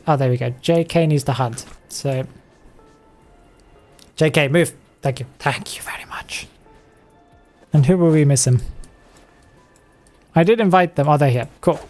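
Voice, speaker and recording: A man's voice: high-pitched, a little mellow. A man streaming live game commentary, chatty and casual, putting on a playful made-up accent and rolling his R's. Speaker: streamer commentating viewers' matches.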